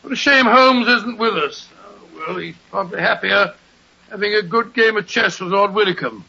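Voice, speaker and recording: Kindly old doctor, bright and husky, lively blustering delivery, old radio sound. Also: male voice, high voice, moderate pace, heavily acted. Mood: cheerful. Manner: blustery, stammering. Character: bumbling kindly old English doctor playing Santa. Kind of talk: 1940s radio acting. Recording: dull lo-fi 1940s radio recording.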